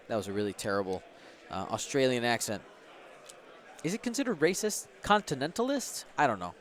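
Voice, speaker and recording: A man's voice: medium pitch, wildly swooping pitch, fairly quick, fairly bright tone. A man hosting a game tournament livestream, chatting upbeat with viewers and running giveaways. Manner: upbeat, chatty, hypes the chat. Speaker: stream host and commentator.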